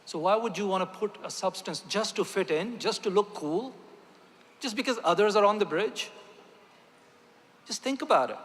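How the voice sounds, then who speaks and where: A man's voice: high voice, fairly bright tone. Man, doctor, religious convention speech, emphatic, direct to audience, echoing hall. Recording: long hall reverb.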